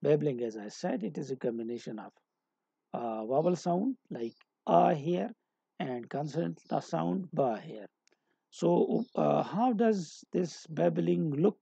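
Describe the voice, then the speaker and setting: A man lectures in a very dark, slightly husky voice, stopping often to restart his sentences. The recording is dull and lo-fi, with a dry, close sound. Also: on the high side, lively intonation, slow, no room sound. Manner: explaining with many hesitations and restarts.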